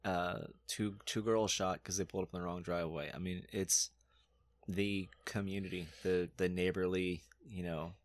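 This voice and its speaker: A man's voice: deep voice, steady tone, moderate pace, no room sound. A man co-hosting a podcast in casual chat, earnest and preachy, swearing now and then. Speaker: podcast co-host.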